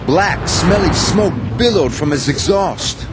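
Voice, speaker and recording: A man narrating a children's storybook in a gentle, expressive manner. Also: high voice, slow, heavy background noise. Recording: narration over clear music.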